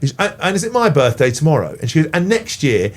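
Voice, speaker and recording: A man's voice: a little high, fast talker. A middle-aged man from England, a podcast guest, chatting casually about parenting and swearing freely. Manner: swears freely, animated when ranting. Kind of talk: casual chat.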